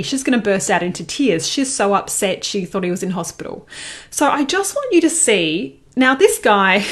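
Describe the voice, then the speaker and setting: A woman's voice: fairly high pitch, fairly bright tone. A woman giving a casual motivational talk, conversational and repetitive, often checking in with "right?". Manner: conversational, repeats herself, frequent "right?". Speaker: motivational speaker.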